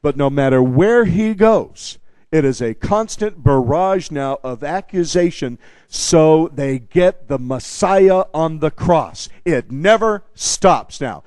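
A man preaching an expository sermon, animated and repeating phrases for emphasis, with wry humorous asides to the congregation. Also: a little high, slow pace, no echo. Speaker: pastor.

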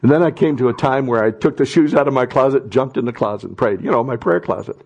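The middle-aged pastor here talks fast in a creaky, mid-range voice, preaching conversationally until he breaks into loud, impassioned cries.

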